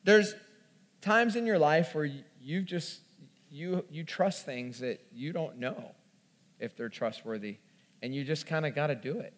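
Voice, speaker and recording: Animated man telling a story in a hall. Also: fairly high pitch, a little slow. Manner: animated, self-mocking storyteller. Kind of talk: sermon storytelling. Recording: long hall reverb.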